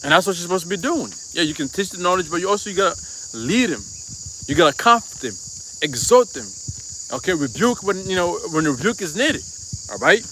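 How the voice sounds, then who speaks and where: High, bright-voiced man preaching casually. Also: sing-song, brisk, a little hiss or hum. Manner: casual and profane, with constant asides to the listener. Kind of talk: live-stream sermon with personal storytelling.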